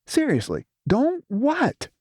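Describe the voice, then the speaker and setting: A man's voice: fairly high pitch, wildly swooping pitch, moderate pace, warm tone, breathy edge, no echo, clean studio sound, full character voice. A man voicing Smudge, a scared young male who snaps out impatient, spiteful demands. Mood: impatient, snapping.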